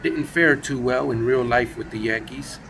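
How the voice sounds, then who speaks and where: A man's voice: mid-range voice, moderate pace, fairly bright tone, slight background noise. A man calling play-by-play for a simulated baseball game on his own, casual and chatty, with asides and self-corrections. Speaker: play-by-play commentator.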